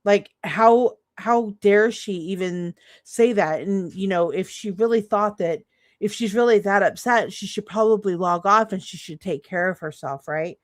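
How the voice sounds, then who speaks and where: A woman's voice: mid-range voice, measured pace, no room sound, studio quality. A woman streamer reacting to clips in casual commentary, laughing, mocking and swearing freely.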